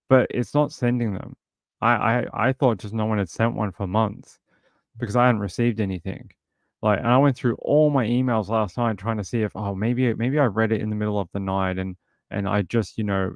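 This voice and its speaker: A man with a lowish voice hosts a casual true crime livestream, talking bluntly and getting fired up in long run-on bursts. He leans on fillers and restarts. The sound is dry and close, with no room around it. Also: dry recording.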